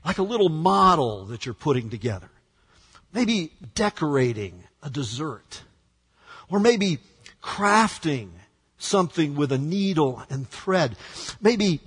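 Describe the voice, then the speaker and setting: A male pastor preaching a sermon with dramatic swings from hushed words to shouts. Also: a little high, slightly rough, in a large hall.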